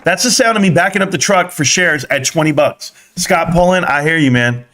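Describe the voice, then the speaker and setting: Man, young adult, stock stream host, fairly high voice, casual chat, joking, swearing, jumps between hype and low mumbles. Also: brisk. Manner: animated, joking, profane, swings from loud excitement to low mutters. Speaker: stock market live streamer.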